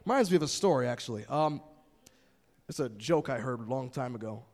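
A man preaching a sermon as pastor, building from calm explanation to emphatic shouting. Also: medium pitch, fairly quick, in a large hall.

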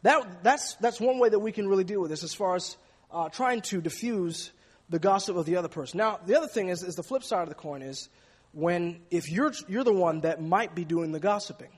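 A man delivers a sermon with a high, slightly breathy voice. He speaks emphatically and often doubles back on his words. Long reverb from a large church hall trails each phrase. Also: brisk. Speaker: preacher.

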